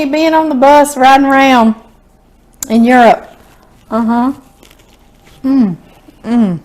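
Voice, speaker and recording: Slow-talking Southern woman cooking host. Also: high-pitched, fairly even intonation, darkish tone. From Louisiana, US Southern. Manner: chatty, folksy, savoring food aloud. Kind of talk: casual home cooking video.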